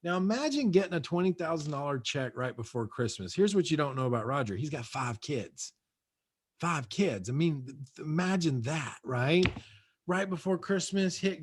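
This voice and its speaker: A man's voice: a little high, lively intonation, moderate pace, slightly rough. A man speaking from his home over a video call, giving a punchy, repetitive motivational talk as a guest real estate coach. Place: his own house.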